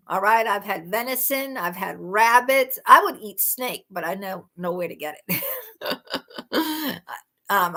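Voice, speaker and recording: A woman's voice: mid-range voice, sharp tone. A woman hosting a casual livestream chat, rambling and exclaiming in disbelief. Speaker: livestream host.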